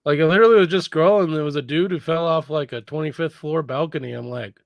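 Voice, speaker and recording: A man's voice: a little high, fast talker, vocal fry, no echo. A man co-hosting a podcast in casual chat, wry and laid-back. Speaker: podcast co-host.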